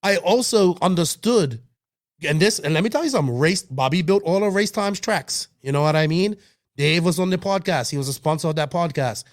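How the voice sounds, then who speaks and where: Man, casual podcast chat, heated, swearing, fairly high voice. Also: a little fast. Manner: heated, emphatic and profane, with restarts. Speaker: podcast co-host.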